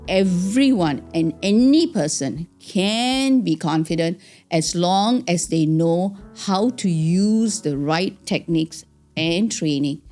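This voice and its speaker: Mellow-voiced woman guest, animated. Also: fairly low pitch, takes it slowly, soft background music. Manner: animated, laughs often, acts out examples. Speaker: guest, founder of a speaking academy. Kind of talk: casual interview chat.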